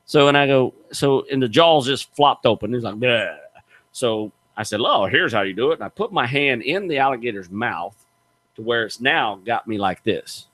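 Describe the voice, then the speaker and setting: A man's voice: medium pitch, moderate pace, no room sound. A middle-aged man hosting a radio show, telling stories in a folksy, emphatic way. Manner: animated storyteller, folksy and emphatic. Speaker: radio show host, gator hunter. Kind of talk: casual radio chat, storytelling.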